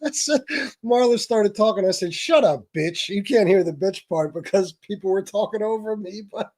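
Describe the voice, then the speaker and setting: A man's voice: sits high, normal speed, dark tone. Crude, laughing livestream host man. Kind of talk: casual livestream chat.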